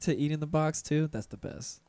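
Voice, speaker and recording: A man's voice: a little high, moderate pace, dark tone, clean tone, dry recording, studio quality. A man in his twenties hosting a podcast, laid-back and easygoing in casual chat, laughing along with his guest. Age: 20s. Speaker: podcast host.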